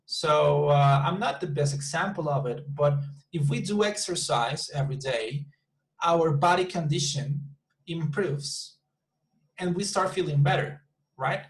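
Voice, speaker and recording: A male teacher, his voice on the high side and unhurried, leads an English lesson online via video call; the recording is rough. Speaking slightly raised, he patiently checks students' understanding, repeating words frequently and often saying "you see" and "super."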